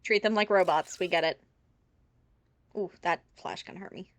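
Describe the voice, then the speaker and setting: A woman's voice: lowish voice, steady tone, normal speed, dry recording. Giggly, chatty woman streamer. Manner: rambling, giggly, chatty tangents. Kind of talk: casual live gameplay commentary.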